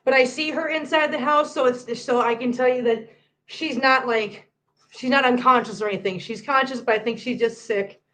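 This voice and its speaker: A woman's voice: high voice, normal speed, a bit bright, rough recording. A woman hosting a casual live-stream chat, talking in long rambling runs and repeating herself. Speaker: host of a cat channel live stream.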